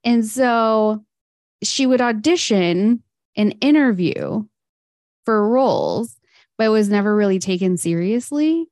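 A woman's voice: medium pitch, lively intonation, takes it slowly, a little mellow, no echo. Woman podcast cohost rambling through a history story, dry close sound. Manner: storytelling, chatty with fillers and laughs. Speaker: podcast co-host. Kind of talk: casual history chat.

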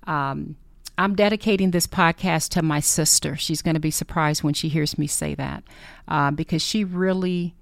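Low-voiced earnest woman podcast host. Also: gravelly, dry recording, clean studio sound. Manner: earnest and heartfelt, with many pauses. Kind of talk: unscripted personal talk.

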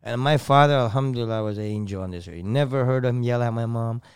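A man, a podcast guest, telling a story in casual, blunt and profane talk that swings between loud and hushed. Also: mid-range voice, fast, clean tone.

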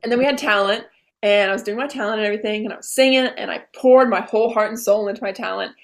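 A young woman in her late teens, a podcast guest, retelling events in a bubbly, animated way with lots of "I was like.". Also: mid-range voice, fast, gravelly. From Vermont. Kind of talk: casual interview storytelling.

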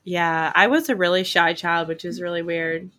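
A woman's voice: fairly low pitch, steady tone, moderate pace, fairly bright tone. A young woman co-hosting a podcast, chatting casually and rambling through stories with lots of fillers and laughter. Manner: rambling storyteller, many fillers, often laughing. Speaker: podcast co-host. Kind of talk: casual chat. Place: Hawaii.

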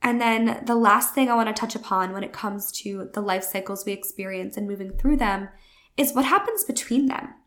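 A woman's voice: mid-range voice, normal speed, a bit bright. A woman hosting a podcast and giving an earnest, casual spiritual self-development monologue, with frequent "like" fillers. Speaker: podcast host.

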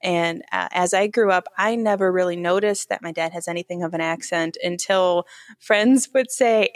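A woman's voice: lowish voice, normal speed, no echo, clean studio sound. A woman from Michigan telling stories in a chatty, casual podcast conversation. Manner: chatty and talkative, easy storytelling. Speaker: podcast co-host. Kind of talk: casual chat, storytelling.

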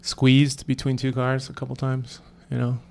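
A man's voice: mid-range voice, monotone, moderate pace, creaky. A man chatting casually about riding bikes, rambling with lots of fillers. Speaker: cyclist sharing stories. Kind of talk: casual chat.

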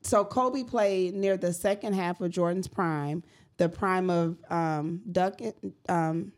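A woman hosting a casual sports debate show, calling out matchups briskly, teasing her panel and reading facts aloud. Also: lowish voice, a little mellow. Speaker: sports talk show host.

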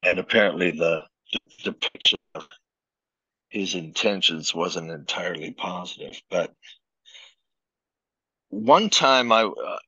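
A man, a pastor, relaxed and anecdotal, telling stories as a guest in an interview. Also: low-pitched, slightly rough, dry recording. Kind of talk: casual storytelling in an interview. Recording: dull lo-fi sound.

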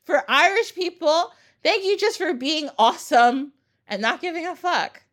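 A podcast host with a very high voice tells a story at a moderate pace, casual and animated. She laughs along the way and swears offhandedly.

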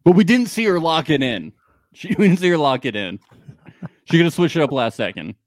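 A man's voice: on the high side, big pitch swings, brisk, dry recording, clean studio sound. A man co-hosting a podcast, recapping a reality show in casual chat and often joking. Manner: chatty, joking and laughs often. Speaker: podcast co-host.

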